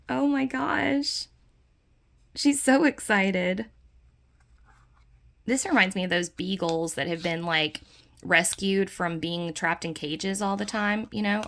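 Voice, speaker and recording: A woman's voice: on the low side, creaky, fairly bright tone. A woman chatting her way through a tarot deck, enthusiastic and full of fillers. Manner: puts on playful dog voices in quotes. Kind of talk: casual deck flip-through.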